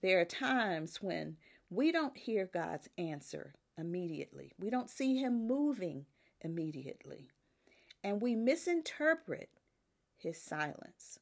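An older woman preaching a sermon, emphatic, with rises on key words and soft drops at the ends of phrases. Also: on the low side, big pitch swings, measured pace, gravelly.

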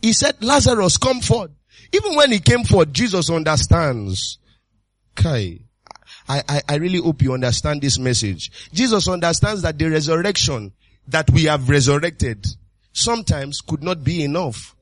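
A man preaching a sermon as pastor, exuberant and full of repeated calls and sudden shouts. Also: a little high, sing-song, normal speed, no room sound.

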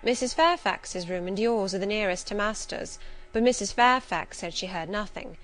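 A woman reading the part of a guarded middle-aged servant woman who speaks steadily and primly, with quiet insinuation. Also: medium pitch, lively intonation, moderate pace, close to an everyday voice. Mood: composed.

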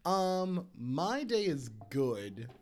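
A man's voice: a little high, big pitch swings, drawn-out words. A man hosting a home podcast in casual chat, rambling with fillers and frequent laughter. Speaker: podcast host. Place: home room with cats. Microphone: podcast mic at a mixer.

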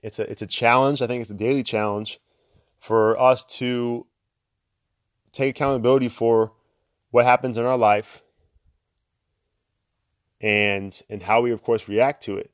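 A man's voice: medium pitch, fairly even intonation, measured pace, pauses often, no echo, studio quality. A young man hosting a podcast, talking casually about self-improvement, filling gaps with "right?" and short laughs. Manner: conversational, lots of fillers and "right?" tags; laughs between points. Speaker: podcast host. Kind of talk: casual motivational monologue.

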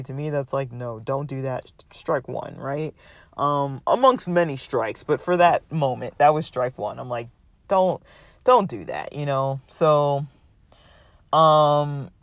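Man, raised pitch, exasperated rambling storyteller, dead dry recording. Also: clean tone, no room sound. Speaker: vlogger ranting about a roommate. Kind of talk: casual rambling monologue.

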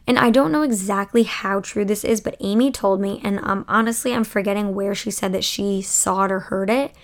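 A woman's voice: mid-range voice, steady tone, a little fast. A young woman hosting a casual podcast, chatting in a gushing, opinionated, sassy way, sleepy and yawning late at night. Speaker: podcast host.

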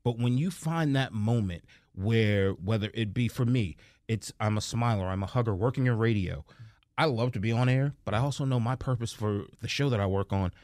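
A man's voice: on the low side, normal speed, darkish tone, dry recording, studio quality. A man co-hosting a podcast in casual chat, a jovial, silly storyteller. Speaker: podcast co-host.

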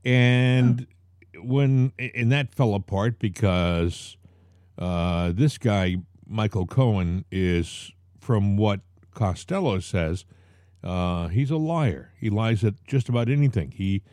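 A man's voice: on the low side, lively intonation, slow, darkish tone, dry recording, studio quality. A man hosting a talk podcast, speaking straight to his listeners and repeating the key points so they stick. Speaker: podcast host. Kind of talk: casual talk show chat.

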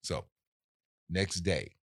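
Low-voiced guy telling a story, voice jumps all over, acts out everyone, dry close sound. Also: animated, extremely slow, dry recording. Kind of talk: casual storytelling chat.

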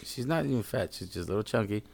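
A man appears as a guest on a casual podcast, rambling and swearing freely through his stories, with lots of fillers. His voice is low, expressive, fast, creaky, and a little mellow.

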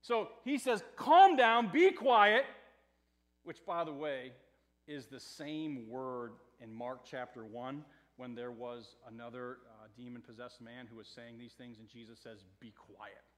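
An American man preaching a sermon, telling a story with animated swings between loud quoted lines and hushed asides, laughing often. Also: mid-range voice, measured pace. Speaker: pastor.

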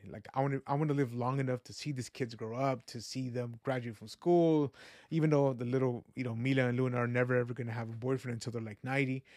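A man's voice: medium pitch, a little mellow, no room sound. A man talks through a casual podcast monologue in a mid-range voice, earnest and reflective. He rambles and restarts, leaning on "you know" and "like". The sound is dry and close, with no room around it. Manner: reflective and faith-minded. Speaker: podcast host.

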